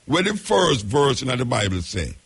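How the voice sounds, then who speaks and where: A Jamaican man hosting a call-in radio show, firm and quick to cut callers off. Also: medium pitch, sing-song, creaky, a bit bright, breathy edge.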